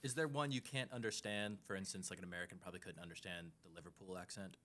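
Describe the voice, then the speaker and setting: A man co-hosting a casual chat, jumping in with quick questions. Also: low-pitched, steady tone, fairly bright tone.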